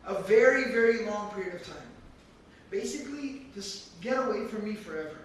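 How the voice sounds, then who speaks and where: A man's voice: sits high, fast talker. A man teaching a religious lesson, explaining words one at a time, and repeating phrases for emphasis. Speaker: teacher explaining Quran verses. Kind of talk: religious lecture. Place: mosque hall. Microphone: handheld camera from across the room. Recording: echoey hall from far off, faint room noise.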